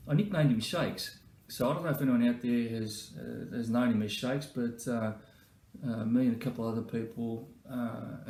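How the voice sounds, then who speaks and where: With a warm, mid-range voice, this man, once a colleague of the honoree, spins humorous anecdotes for a birthday tribute. He jokes his way through the stories, dropping fillers as he goes, while the room's echo lingers around him.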